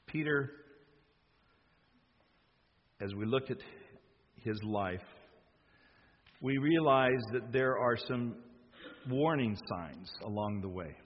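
A man's voice: medium pitch, slow, long pauses, slight background noise. A man preaching a sermon, emphatic, acting out quoted lines with rising force. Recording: dull sound with long hall reverb.

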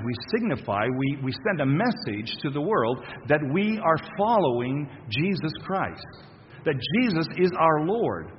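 Man preacher, conversational sermon, halting delivery, long church reverb, slightly muffled recording. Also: on the high side, a little hiss or hum. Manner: conversational, halting with restarts and soft laughs.

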